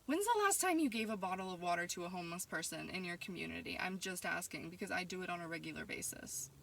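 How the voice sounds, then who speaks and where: Young canadian woman reading out hate messages and clapping back, bright edgy voice, a bit far off the mic, sarcastic and preachy. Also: lowish voice, animated, fast, vocal fry, slight background noise. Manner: sassy, mocking and spiritual, rising into heated ranting. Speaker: vlogger. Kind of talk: casual monologue reading and answering messages.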